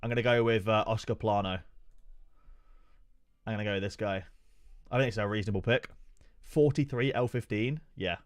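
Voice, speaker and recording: A man's voice: lowish voice, normal speed, long pauses. A young man streaming live, chatting casually with his viewers and joking with plenty of swearing. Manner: profane, joking banter with chat. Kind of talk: casual livestream chat.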